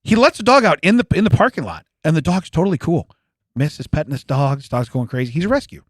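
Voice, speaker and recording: A man's voice: a little high, animated, fast, dry recording, clean studio sound. A man in his forties, a podcast co-host, telling stories in casual chat, laughing often and acting out the quotes.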